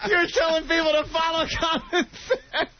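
A man's voice: extremely high pitch, steady tone, moderate pace. A man co-hosting a radio show, laughing hard and teasing his partner. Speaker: radio co-host. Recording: muffled radio audio with noise.

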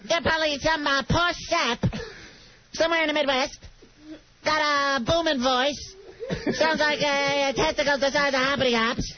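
A shrill, excitable male sports radio host rants and hurls insults in a rambling flow, as a man puts him on. The voice sits high, and the sound is muffled, with a steady hiss of noise under it. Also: normal speed. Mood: mocking. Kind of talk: comic radio impression.

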